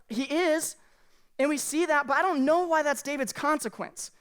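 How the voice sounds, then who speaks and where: A woman's voice: high-pitched, brisk, a bit bright. A woman pastor giving a sermon from a church stage, earnest and conversational, speaking candidly to the congregation.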